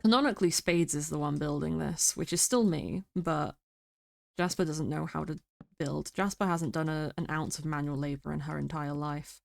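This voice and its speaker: A sick woman streamer chatting quietly and mumbling close to her microphone. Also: sits low, moderate pace, gravelly, no echo. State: sick, rough throat. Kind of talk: casual stream chat. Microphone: very close to mic.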